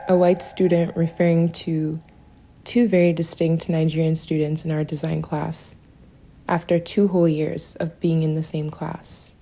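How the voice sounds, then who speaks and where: A woman's voice: deep voice, flat delivery, unhurried. A woman recounting remarks made to her, in a dry, matter-of-fact way. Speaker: anonymous contributor. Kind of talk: recounting experiences of racism. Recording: loud music bed under voice.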